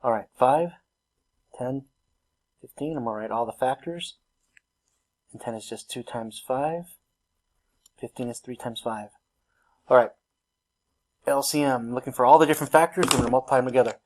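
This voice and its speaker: A man's voice: mid-range voice, normal speed, long pauses. Man, math teacher, recorded lesson, casual, self-teasing, talks through each step. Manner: casual, self-deprecating, laughs at himself.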